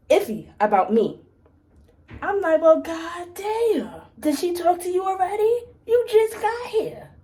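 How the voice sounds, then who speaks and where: A woman vlogger telling a workplace story in a blunt, profane, animated way. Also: fairly high pitch. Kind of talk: casual storytime.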